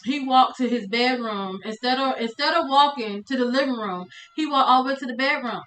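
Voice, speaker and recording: A woman's voice: high voice, brisk, fairly bright tone, echoey room, rough recording. A woman streamer commentating a life-sim game live, exasperated and laughing as she talks to her chat.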